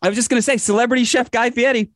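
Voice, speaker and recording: A man's voice: very high voice, fairly even intonation, racing, a bit bright, dry recording, clean studio sound. A male radio host chatting casually with a guest, stumbling and repeating words as he tells a story.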